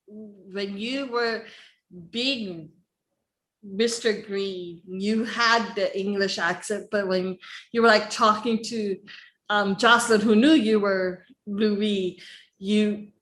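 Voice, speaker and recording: A woman's voice: mid-range voice, steady tone, slow pace, fairly bright tone. A woman hosting a podcast interview, chatting casually and laughing a lot. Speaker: podcast host. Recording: roomy echoey room sound.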